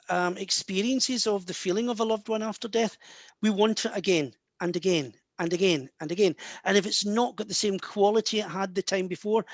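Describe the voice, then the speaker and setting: A man with a Scottish accent, whose voice sits high, works as a medium and answers audience questions in casual talk. He sounds friendly and reassuring, calling his listeners "guys" and "love." He is from Scotland, and the recording is dry.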